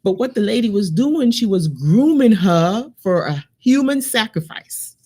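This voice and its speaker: A woman's voice: medium pitch, unhurried, husky. A woman from Saint Vincent with a Vincentian accent, co-hosting a casual talk show and telling stories animatedly to her listeners. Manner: animated storyteller, addresses listeners directly. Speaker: podcast co-host. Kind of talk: casual chat.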